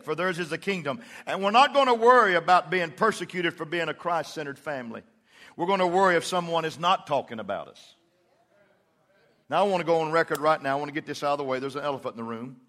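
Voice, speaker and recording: A middle-aged man delivers a sermon in a church, weaving folksy stories into his preaching. His voice sits a little high and has a bright, forceful edge. A long reverb from the hall trails behind every phrase. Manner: folksy storytelling with acted-out quotes. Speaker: pastor.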